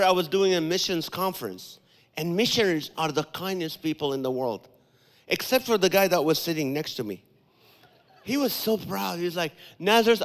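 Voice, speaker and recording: A man doing stand-up comedy in a church, telling animated stories and acting out the voices. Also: fairly high pitch. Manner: animated storytelling, acts out voices and punchlines. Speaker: Christian comedian. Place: large church auditorium. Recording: long hall reverb.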